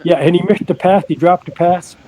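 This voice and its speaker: An older man, a guest on an interview podcast, telling stories in a halting way that repeats words, and he puts on higher voices for the people he quotes. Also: fairly even intonation, dark tone, rough recording. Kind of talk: casual storytelling interview.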